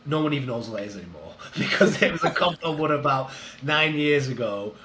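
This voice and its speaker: A man's voice: medium pitch, expressive, fairly quick, background noise. A man, a strength coach, chatting in an interview, explaining things eagerly and laughing at himself. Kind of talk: casual interview chat. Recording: roomy echo.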